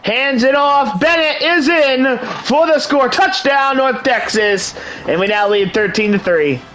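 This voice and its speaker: A young man with a strikingly high voice narrates his football video game run. He calls each play with the energy of a sportscaster and keeps hyping up the action for his viewers. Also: measured pace, fairly bright tone, slight background noise, low-quality recording. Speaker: video game channel host. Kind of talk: hyped gameplay commentary.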